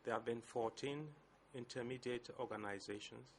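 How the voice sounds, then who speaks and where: Gravelly lawyer. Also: male voice, medium pitch, fairly even intonation, a little hiss or hum. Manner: deliberate, measured speech with hesitations. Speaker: lead co-lawyer for civil parties. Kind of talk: formal courtroom address.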